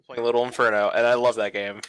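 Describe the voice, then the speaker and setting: A man's voice: medium pitch, little pitch movement, fast, fairly bright tone, clear, resonant tone. A streamer on a gaming roundtable, a playful man who giggles and likes doing funny voices. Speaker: streamer and panelist. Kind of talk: casual gaming roundtable chat.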